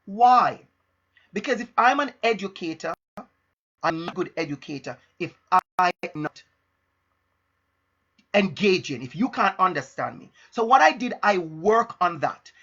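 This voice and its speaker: A middle-aged man gives a motivational talk over a live stream, his voice bright and forceful. He speaks deliberately and leans on repeated phrases for emphasis. The audio sounds a little dull and muffled, as if picked up by a laptop or phone. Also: high-pitched, sing-song, husky.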